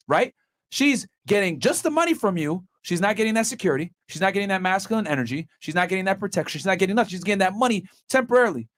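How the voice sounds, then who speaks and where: A podcast host, a man with a somewhat high voice, builds his argument in loose conversational talk. He stumbles over and repeats words as he goes and keeps tossing in "right?" to check in with the room. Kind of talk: casual commentary.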